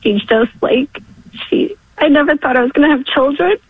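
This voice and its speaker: A woman in her forties calling in to a radio show, tearful and halting as she gives an emotional testimony. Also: high voice, no room sound. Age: 40s. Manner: halting, with apologetic laughs. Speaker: caller. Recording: dry tinny phone line.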